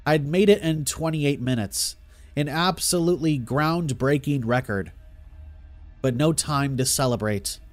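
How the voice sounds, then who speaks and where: A man giving scripted narration of a horror story in a steady, even storytelling manner. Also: a little high, a little slow. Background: faint music.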